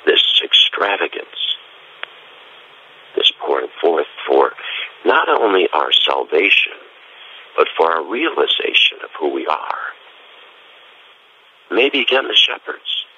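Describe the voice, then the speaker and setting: A man, a friar, giving a gentle and musing Christmas homily in a scratchy voice, pausing often to reflect. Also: low voice. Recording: dull lo-fi recording.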